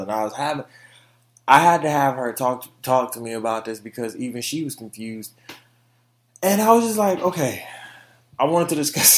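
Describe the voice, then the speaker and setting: An animated man hosts his own podcast and talks straight to his listeners. He is loose and profane, with a voice that swings up and down, and he drifts into singing when a song comes to mind. His delivery is relaxed and conversational. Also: mid-range voice. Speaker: podcast host. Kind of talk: casual solo podcast talk.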